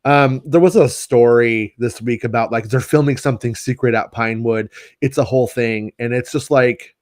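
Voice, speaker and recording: A man's voice: medium pitch, normal speed, few pauses, a little mellow. A man co-hosting a casual podcast, ranting with exasperation and plenty of swearing. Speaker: podcast co-host.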